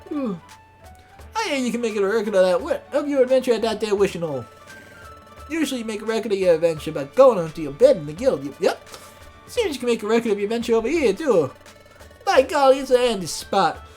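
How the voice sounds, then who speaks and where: A woman's voice: on the low side, brisk, faint music behind. A woman voicing an eager, humble young male beaver Pokémon with a put-on folksy Southern drawl. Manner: folksy Southern drawl, excitable, says 'by golly'.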